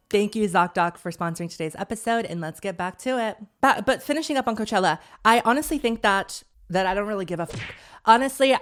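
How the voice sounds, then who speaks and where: This is a young woman in her twenties hosting her own podcast, chatting casually at a middle pitch. She rambles and exaggerates, often building up into dramatic, excitable outbursts. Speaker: podcast host. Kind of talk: casual chat with a sponsor read.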